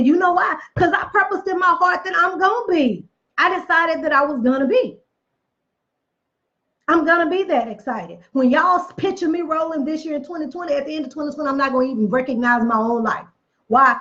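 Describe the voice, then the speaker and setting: High-voiced woman giving an emphatic pep talk. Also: a bit bright, dull audio. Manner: emphatic, preachy, repeats phrases for effect; chatty, folksy asides. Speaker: motivational speaker. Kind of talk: casual motivational talk.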